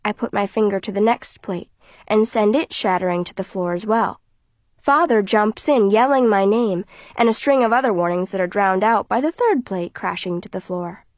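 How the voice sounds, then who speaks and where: A woman narrating an audiobook in the first person, in a quiet, tense manner. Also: mid-range voice, moderate pace, dry recording.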